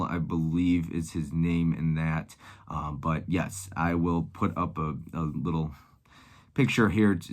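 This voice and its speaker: A man's voice: low voice, a bit bright. A man in his thirties, chatting casually and enthusiastically about favorite movies, rambling with fillers. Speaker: movie collector vlogger. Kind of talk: casual chat.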